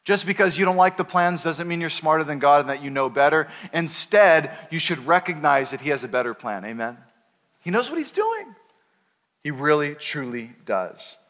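A pastor preaching a sermon, telling the story with playful voices for the characters. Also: male voice, a little high, a bit bright. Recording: hall reverb.

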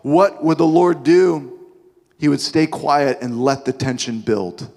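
A man's voice: a little high, takes it slowly, a little mellow. A male preacher telling a Bible story dramatically, with asides, in a large sanctuary. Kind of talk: sermon. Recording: long hall reverb.

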